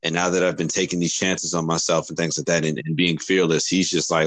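A man's voice: low voice, level tone, fairly quick, hardly any pauses, a bit bright, dry recording, low-quality recording. A man talking earnestly about his faith, often repeating words and calling the other man brother. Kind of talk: casual faith talk.

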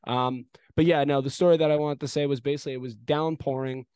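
A young man co-hosting a casual sports podcast, telling an animated, profane story and throwing in mock home-run calls. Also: mid-range voice, quick pace, clean tone, no room sound. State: arm in a sling after shoulder surgery. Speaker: podcast co-host.

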